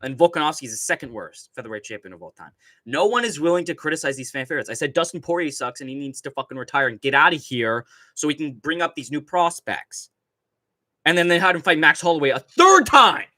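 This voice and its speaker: This fast-talking young adult man has a higher-sided voice with lively intonation and a sharp tone, recorded dry. On his casual livestream he rambles and rants while reading chat, cursing constantly and laughing often.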